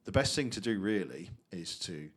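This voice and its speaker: A man casually walking through a software tutorial, chatty and thinking aloud. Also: low-pitched, animated, moderate pace, husky. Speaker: tutorial host.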